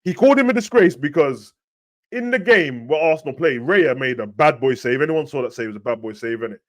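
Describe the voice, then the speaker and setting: A man's voice: fairly high pitch, brisk. Slangy young man ranting on football. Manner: slangy, rambling, animated. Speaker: football talk host. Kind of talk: casual football rant.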